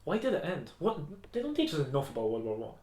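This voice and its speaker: A man's voice: a little high, wildly swooping pitch, fast talker, a loud crowd. A young man co-hosting a podcast in casual chat, rambling, swearing a lot and laughing often. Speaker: podcast co-host. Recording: echoey room.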